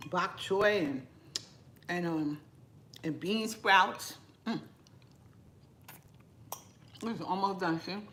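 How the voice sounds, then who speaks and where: A woman's voice: lowish voice, a bit bright, slight background noise. A woman chatting with live viewers while eating in her home kitchen, rambling casually and talking with her mouth full. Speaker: cooking vlogger.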